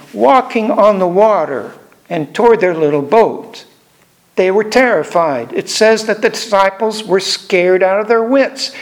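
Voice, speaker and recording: An older man preaching a sermon in a measured way, repeating phrases for emphasis. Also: high voice.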